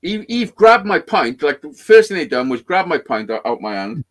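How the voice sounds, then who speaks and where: A man's voice: fairly high pitch, normal speed. A man telling a rambling, sweary story in casual chat. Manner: rambling, heavy swearing, animated. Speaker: podcast guest storyteller.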